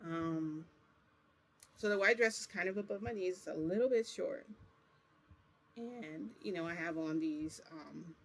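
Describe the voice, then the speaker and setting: A man vlogging tells a long, meandering story, acting out both sides with "I'm like" and "he goes." His high-pitched, fairly bright voice moves at a measured pace with long pauses.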